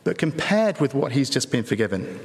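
A man preaching an earnest sermon in church, pausing between phrases and using rhetorical tag questions. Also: mid-range voice, sing-song, a little hiss or hum. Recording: echoey hall reverb.

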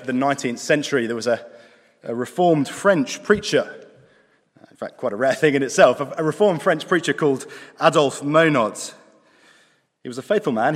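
Guy preaching, chatty with dry jokes, slows down on key words, echoey hall. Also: medium pitch. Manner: conversational, dry humour, slows for emphasis. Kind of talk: sermon. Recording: long hall reverb.

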